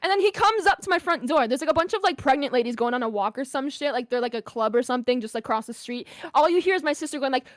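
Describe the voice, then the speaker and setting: A young woman, a podcast guest, telling a story in casual chat, animated and swearing freely with lots of "like". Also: sits high, fast, hardly any pauses, dry recording, clean studio sound.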